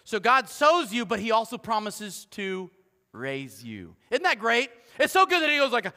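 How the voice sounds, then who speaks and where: Man, middle-aged pastor; animated sermon delivery with hushed asides, bright tone, long church echo. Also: sits high, normal speed. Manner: animated, joking asides, swings between loud and hushed. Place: church sanctuary. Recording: long hall reverb.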